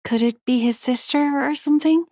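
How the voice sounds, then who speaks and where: A woman's voice: high voice, normal speed, darkish tone, dry recording, studio quality, voice pushed up. A woman voicing a frazzled young mother. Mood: puzzled.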